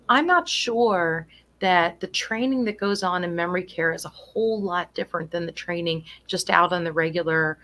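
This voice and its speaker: A woman's voice: lowish voice, a bit bright. A woman in her sixties, a nurse and guest, explaining dementia care earnestly and acting out the people she quotes. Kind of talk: casual conversation.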